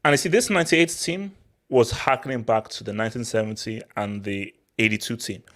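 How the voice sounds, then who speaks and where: A young man from Nigeria hosting a casual football talk, excitable and prone to repeating words as he restarts his sentences. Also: mid-range voice, brisk. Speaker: football channel host. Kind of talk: casual football commentary monologue.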